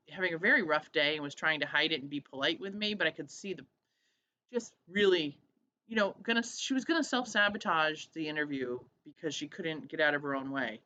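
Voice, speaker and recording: A woman's voice: sits low, pushed and bright, dull audio, slight background noise. A woman hosting a casual diary vlog, chatty, laughing often and acting out what people said. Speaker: vlog host.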